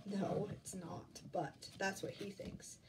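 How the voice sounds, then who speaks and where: A woman teacher reading a picture book aloud to children, explaining gently as she goes. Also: medium pitch, level tone, slow, distant mic, noisy background.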